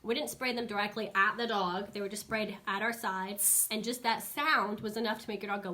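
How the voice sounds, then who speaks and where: A woman in her thirties, a dog trainer on a casual live stream, talking in a chatty, animated way. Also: a little fast, hardly any pauses. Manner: chatty, animated, acts out dogs and kids in high squeaky voices.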